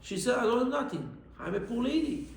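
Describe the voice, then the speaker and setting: A man's voice: a little fast, gravelly, reverberant, poor audio. A man, a rabbi, telling a Torah story in non-native English mixed with Hebrew terms and crying out the characters' pleas. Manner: animated, cries out the widow's pleas in a high voice.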